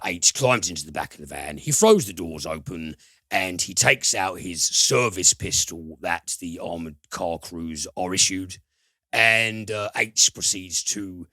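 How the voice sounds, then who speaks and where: Deep-voiced man reviewing films. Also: sharp tone, no echo. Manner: hesitant, filler-heavy plot retelling with casual swearing. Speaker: podcast host, film reviewer. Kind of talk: casual film review chat.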